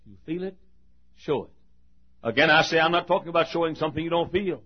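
Husky middle-aged male preacher, high voice, hushed to shouted, dull lo-fi sound. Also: fast, long pauses. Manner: swings from hushed to loud shouted exhortation. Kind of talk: sermon.

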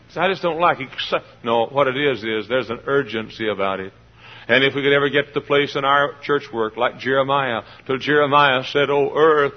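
A man's voice: mid-range voice, lo-fi sound. A man preaching a sermon with passion, hollering, pounding the pulpit and mimicking voices.

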